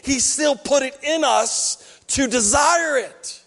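Taking his time, a male pastor with a very high, slightly bright voice preaches in a church hall. His style is conversational, and he acts out the voices of those he quotes.

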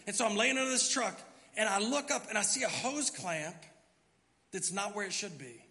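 A middle-aged man preaching a sermon as pastor, telling a story in an animated way and acting out his own panicked thoughts. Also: sits high, moderate pace, a little hiss or hum. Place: church sanctuary. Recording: long hall reverb.

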